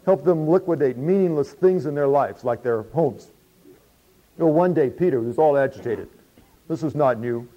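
A man's voice: fairly high pitch, moderate pace, natural voice. An actor playing a former tax collector turned disciple, telling his story in a folksy, confiding monologue with dry humor. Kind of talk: dramatic first-person monologue. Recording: dull lo-fi recording.

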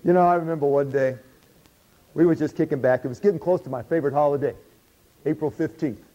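Captured on a dull lo-fi recording, this male actor talks at a quick pace with a dark tone, his voice on the high side and near his everyday register. As a tax collector turned disciple, he delivers a confiding, folksy first-person monologue full of dry wit.

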